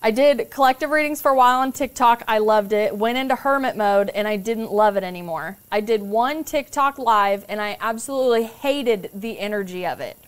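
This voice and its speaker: A woman's voice: on the high side, a little fast, hardly any pauses, clear, resonant tone. A young woman telling stories as a podcast guest, candid and casual, swearing freely and acting out other people's voices. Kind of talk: casual storytelling chat.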